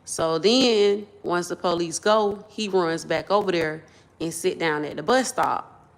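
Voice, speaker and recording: A young woman tells a personal story to her phone camera in a rambling, casual way. Her voice sits fairly low and she speaks slowly. She loops back and repeats key points as she goes. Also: creaky. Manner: rambling, repeats herself, builds up agitated; casual, loose grammar. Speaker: vlogger.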